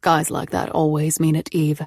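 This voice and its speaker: Woman reading a grown man, lower and firm, gravelly touch. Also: level tone, moderate pace, no room sound, clean studio sound. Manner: low, firm, gentle.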